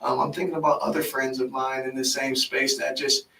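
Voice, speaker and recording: Gravelly-voiced man hosting in an echoey room. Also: medium pitch, a little fast. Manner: animated, frequent affirming "mm-hmm", restarts when excited. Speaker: podcast host and life coach. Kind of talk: casual interview chat. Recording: echoey room, mic at a distance.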